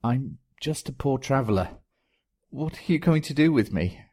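A man's voice: mid-range voice, lively intonation, normal speed, mellow, breathy edge, voice pushed up. A man voicing a timid, quaking traveller who whimpers and pleads. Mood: frightened.

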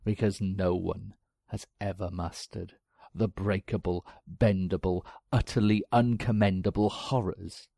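Brief: a deep-voiced man reading short stories slowly, dry and wry. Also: fairly even intonation, gravelly, dark tone, no echo. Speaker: storyteller. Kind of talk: scripted narration.

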